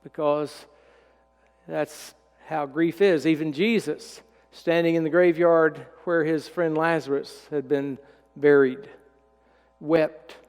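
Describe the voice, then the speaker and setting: Folksy pastor in a reverberant sanctuary. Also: male voice, fairly high pitch, steady tone, slow, clear, resonant tone. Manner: folksy, storytelling, drops to a hushed voice when emotional. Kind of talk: sermon. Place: church sanctuary.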